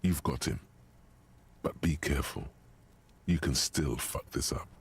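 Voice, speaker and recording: A man voicing a grim, knowing narrator in a video game, speaking in measured, ominous commentary with a gravelly, raspy voice. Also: rumbling low, exaggerated voice.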